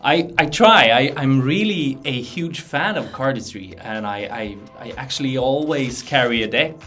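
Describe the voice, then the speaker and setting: A man's voice: mid-range voice, moderate pace, a bit bright, soft background music. A man with a Swedish accent, a guest chatting casually on a livestream, hesitant and often repeating his words. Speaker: guest playing card designer.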